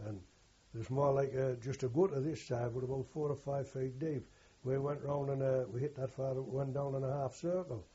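A man's voice: medium pitch, steady tone, normal speed, few pauses, mellow, slightly rough, muffled recording. An older man, recalling his wartime experience in a rambling, earthy way and correcting himself as he goes. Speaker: war veteran interviewee. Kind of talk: oral history recollection.

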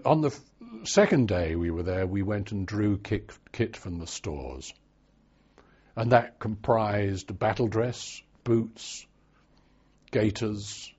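An older man recalling his past in an oral history interview, telling it in a slow, wry storytelling way. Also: fairly low pitch, darkish tone, husky, highs cut off.

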